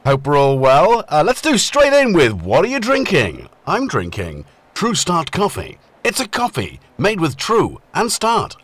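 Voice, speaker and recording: A middle-aged man hosting a live stream, chatting casually and greeting his viewers by name. His pitch jumps around a lot, up and down. The sound is close and dry, with no room echo. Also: wildly swooping pitch, unhurried, hardly any pauses, a bit bright, breathy edge. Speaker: livestream host.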